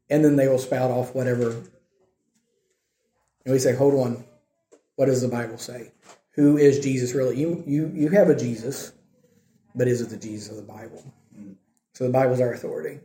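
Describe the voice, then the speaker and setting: Echoey, mellow-voiced preacher man. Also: mid-range voice, steady tone, normal speed, long pauses. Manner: conversational teaching, checks in with frequent "okay?". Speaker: pastor. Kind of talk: sermon. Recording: echoey room.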